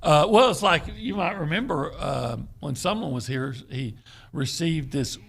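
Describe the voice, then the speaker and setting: A man co-hosting a sports radio show, talking in halting bursts with frequent restarts. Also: fairly high pitch, creaky, fairly bright tone, breathy edge. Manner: halting, restarts often, agreeable. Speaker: radio co-host. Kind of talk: casual sports radio banter. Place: radio studio.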